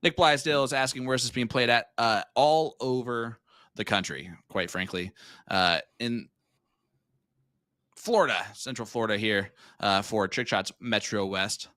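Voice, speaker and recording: A man's voice: mid-range voice, unhurried, fairly bright tone, no echo, studio quality. A man in his thirties doing casual live commentary on a darts match, joking and teasing his co-host. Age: 30s.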